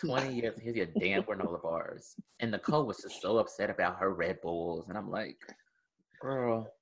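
A man's voice: low voice, brisk, fairly bright tone. A man chatting casually as a co-host, telling a story with fillers. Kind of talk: casual chat.

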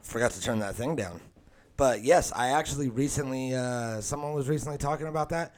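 A man hosts a podcast in loose, casual chat. He rambles from one topic to the next, cracks jokes and laughs easily, and his voice sits at a middling pitch for a man. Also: darkish tone. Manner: rambling, joking, quick to laugh. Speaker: podcast host.

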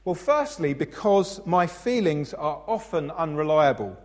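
A man in his thirties preaching a sermon as pastor, expressive and playful, acting out voices in his stories. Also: fairly high pitch, measured pace. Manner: expressive, acts out funny voices in anecdotes. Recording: long hall reverb.

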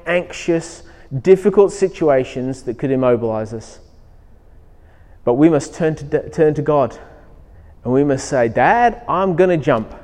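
A pastor preaches a sermon in a church hall, his voice a little high with a dark tone. He tells stories with emphatic rising lines and acts out a child's voice. The recording carries the long reverb of a hall.

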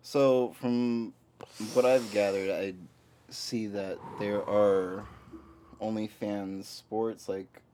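A man co-hosting a casual podcast, laid-back and quick to laugh. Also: fairly low pitch, steady tone, warm tone, a little hiss or hum. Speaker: podcast co-host. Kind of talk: casual chat.

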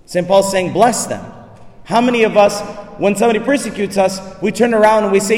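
A man's voice: high-pitched, moderate pace, long pauses, darkish tone. A man preaching a sermon, telling a story and asking the listeners rhetorical questions. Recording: echoey hall.

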